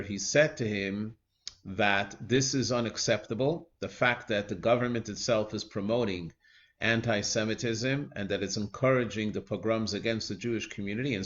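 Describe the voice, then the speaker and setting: A man retelling a religious teaching story in a measured, earnest way, pausing often with small fillers. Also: on the low side, a bit bright, dull audio.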